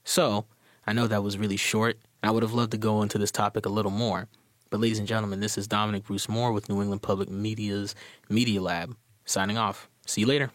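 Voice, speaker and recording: Low-voiced man with a dry delivery. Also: flat delivery, fast talker, dry recording. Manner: confident, with scripted sign-off. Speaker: student media presenter. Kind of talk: prepared spoken commentary.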